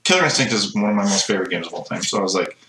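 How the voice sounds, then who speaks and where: A man co-hosting a live show, joking and teasing with crude banter. His voice is bright and lively, and it rings a little in an echoey room. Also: on the low side, rapid-fire, distant mic, slight background noise. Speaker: co-host. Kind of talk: casual chat on a live show.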